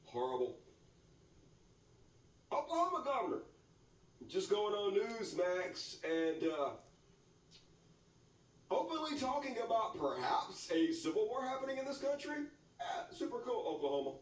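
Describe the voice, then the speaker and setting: A man's voice: sing-song, measured pace, pauses often, reverberant, far from the mic, rough recording. A man from the American South hosting a sarcastic reaction commentary, mocking and profane in the way he talks. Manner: mocking, profane, swings between high and low tones. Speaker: commentary host.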